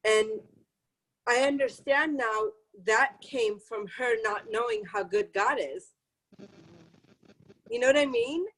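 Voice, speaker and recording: A woman sharing a personal story on a video call, emotional and halting. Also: on the high side, fairly bright tone, poor audio. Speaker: group participant.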